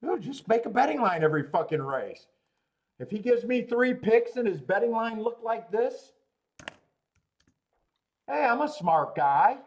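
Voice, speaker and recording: A man hosting a live racing show, ranting in a profane, excitable way and laughing often. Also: very high-pitched, measured pace, pauses often, dull audio. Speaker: horse racing show host. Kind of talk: profane live-stream rant.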